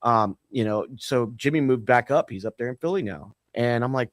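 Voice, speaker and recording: A man's voice: mid-range voice, lively intonation, brisk, no room sound, clean studio sound. A man co-hosting a podcast, telling a rambling story with loose restarts and casual swearing. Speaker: podcast co-host.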